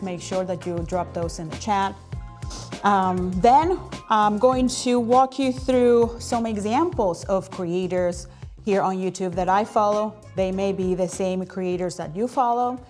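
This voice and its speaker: A woman hosting a live stream, talking in an energetic, chatty way with plenty of fillers. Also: medium pitch, measured pace, soft background music. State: out of breath. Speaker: host.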